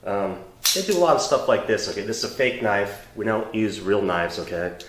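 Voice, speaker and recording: A man's voice: lowish voice, very animated, a little fast, fairly bright tone, echoey room. A man teaching self-defense against knives in a casual demonstration lesson, blunt and chatty, often checking in with "okay?".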